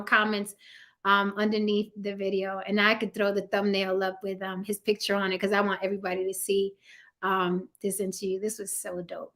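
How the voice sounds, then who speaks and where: A woman's voice: medium pitch, pushed and bright. A young woman hosting a livestream, chatting casually, laughing and reading out comments from her viewers, teasing them in slang. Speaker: livestream host. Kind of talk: casual livestream sign-off, talking to chat.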